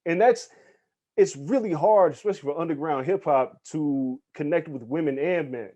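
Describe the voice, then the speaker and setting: Animated man telling stories. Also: on the high side, normal speed. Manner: animated, acts out quotes, casual swearing. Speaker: guest, hip hop journalist. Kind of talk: casual storytelling in an interview.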